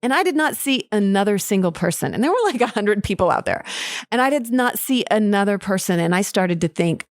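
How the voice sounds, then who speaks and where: Woman podcast host, candid personal storytelling, mid-pitched voice, dry close mic. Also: expressive, brisk, no room sound. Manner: candid, emotional, swears casually, laughs often.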